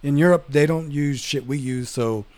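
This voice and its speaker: A man chatting as a podcast guest, blunt and profane, talking in quick bursts. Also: fairly high pitch, darkish tone. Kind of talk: casual chat reviewing a TV show.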